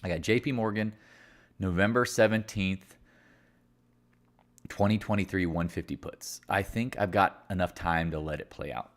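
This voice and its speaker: A man's voice: low voice, normal speed, long pauses. A man hosting a casual live market chat, rambling and joking as he walks through charts, sometimes laughing at himself. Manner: sings and mimics other traders in silly voices.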